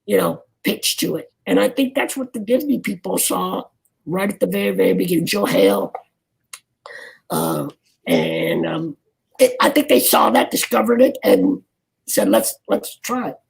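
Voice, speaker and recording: Gravelly, raspy older man. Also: high-pitched, very animated, low-quality recording. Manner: rambling, halting, many restarts. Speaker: actor guest. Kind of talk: casual interview chat. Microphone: video call.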